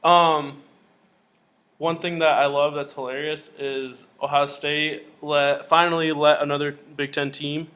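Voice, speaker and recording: An excitable young man chats about college football as a podcast co-host. His voice sits a little high. He talks fast and gets worked up. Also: smooth. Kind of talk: casual sports chat.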